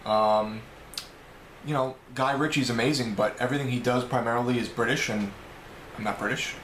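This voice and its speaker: Speaking to his camera at a normal speed, a video blogger with a New York accent rambles chattily through a list of questions, often correcting himself in a steady, fairly bright, mid-pitched voice. He's in a roomy, echoing room at home, with a faint hum of ambience in the background.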